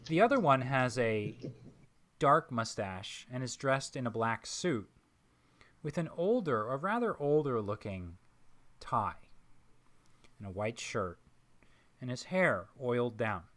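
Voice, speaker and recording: A man narrating as game master of a tabletop role-playing game, describing scenes in a measured, pausing way. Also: mid-range voice, animated, fairly bright tone. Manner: measured, descriptive, with frequent pauses.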